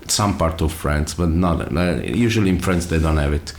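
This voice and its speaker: A man's voice: a bass voice, animated, moderate pace, creaky, a little hiss or hum. An Italian-accented man hosting a reaction video, speaking casually and asking incredulous questions. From Italy.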